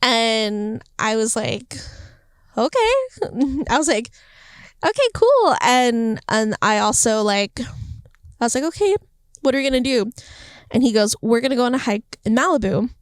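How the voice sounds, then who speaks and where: A young woman hosting a casual faith podcast, talking in an excitable, chatty way with lots of fillers and laughter. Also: a little high, normal speed, clear, resonant tone, no room sound. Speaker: podcast host. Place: outdoors on a hill near the beach. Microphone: camera.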